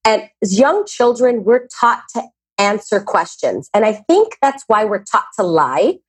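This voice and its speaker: A woman's voice: mid-range voice, measured pace, husky, no room sound. A woman talking as a podcast guest who teaches, telling stories and acting out quoted questions in a casual chat. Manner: expressive storyteller, acts out quotes.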